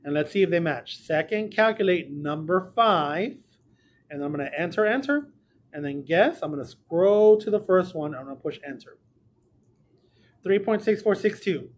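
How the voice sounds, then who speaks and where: High-voiced, chatty math teacher. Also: male voice, animated, moderate pace, slight background noise. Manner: chatty, jokey, talks to students directly. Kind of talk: recorded classroom lesson. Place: small room.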